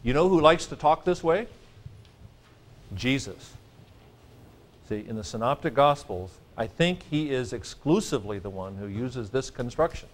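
A man teaching a Greek grammar class, lecturing in a lively, joking way and stressing his points. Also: medium pitch, moderate pace, pauses often, a little hiss or hum. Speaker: Greek professor.

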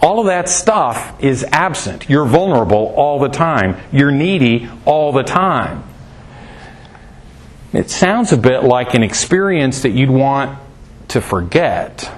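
A man with a mid-pitched voice teaching scripture in a relaxed, conversational way. He fires off rhetorical questions and jumps his voice up high to make a point. Folksy asides and little fillers keep it feeling like a chat. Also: slow. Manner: animated, asks rhetorical questions, swings pitch for emphasis. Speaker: preacher.

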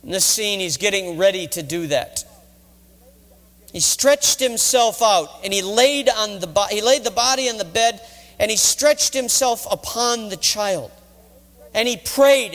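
A man's voice: high voice, measured pace, a bit bright. A middle-aged man, a college chaplain, retelling a Bible story in a dramatic sermon. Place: college chapel. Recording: reverberant chapel hall.

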